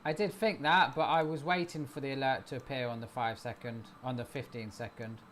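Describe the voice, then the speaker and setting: A man hosting a live stream, chatting casually and cheering on his trades out loud. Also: mid-range voice, steady tone, fairly quick, a little hiss or hum. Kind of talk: casual chat.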